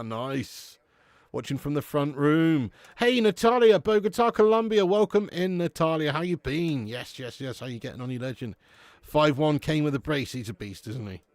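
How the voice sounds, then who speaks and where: A man's voice: on the high side, no room sound. A man from Dorset with a southern English accent, hosting a live stream and bantering casually with the chat, slangy, swearing and laughing. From Dorset, England. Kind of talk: casual watch-along chat reading live chat.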